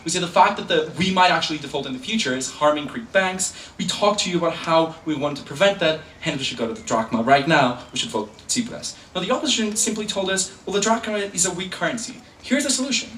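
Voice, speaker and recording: A young man giving a competitive debate speech in a hall, quick and sarcastic, drawing laughs from the room. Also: a little high, animated, fairly bright tone. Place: lecture hall. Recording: echoey hall, distant mic, faint room noise.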